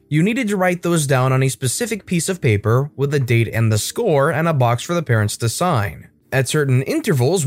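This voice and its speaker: A man reads online stories aloud with a lively, expressive delivery, his fairly high voice rising and falling a lot. Soft music plays faintly underneath. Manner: expressive, animated storytelling. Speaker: story narrator.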